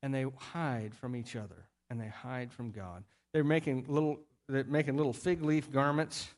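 A middle-aged man preaching a sermon as pastor, telling the story in an animated way with playful acted-out quotes. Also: a little high.

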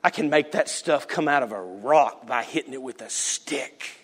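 A man preaching a sermon, swinging between loud, animated passages and hushed asides. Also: mid-range voice, moderate pace, slightly rough. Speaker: pastor.

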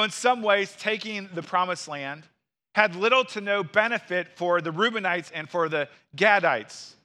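A male pastor delivering an expository sermon in an earnest, explanatory way. His voice is high and bright. He drops in quick asides to the listeners.

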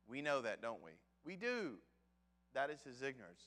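A man's voice: medium pitch, sing-song, normal speed, a bit bright. A man preaching a sermon in a conversational, storytelling way, talking straight to the men in the room. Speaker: pastor. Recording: long hall reverb.

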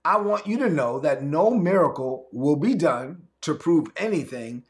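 A man's voice: a little high, expressive, unhurried. A man voicing an exasperated, weary Jesus within a sermon, scolding doubters. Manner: exasperated, preachy.

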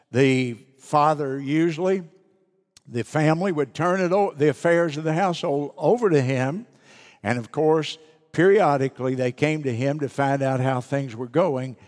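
A middle-aged man pastor preaching a sermon, deliberate and repeating key phrases for emphasis. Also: a little high, a little mellow, in a large hall.

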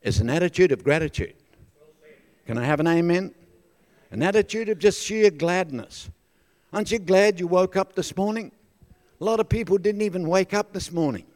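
A man's voice: high voice, moderate pace, pauses often, darkish tone, big-room sound. An older man with an Australian accent preaching a humorous, storytelling sermon, calling out for amens. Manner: chatty, humorous, calls for amens. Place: church hall.

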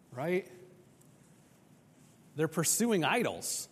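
A man preaching a sermon in an animated, conversational way, often tagging lines with "right?" and acting out voices. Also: fairly high pitch, a little slow, in a large hall. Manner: animated, conversational, acts out dialogue.

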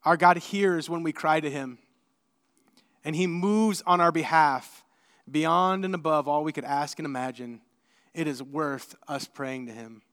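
A middle-aged man preaching as a pastor, telling a personal story in a conversational, animated way before leading prayer. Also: a little high, unhurried, clear, resonant tone. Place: church sanctuary. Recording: church hall with long reverb.

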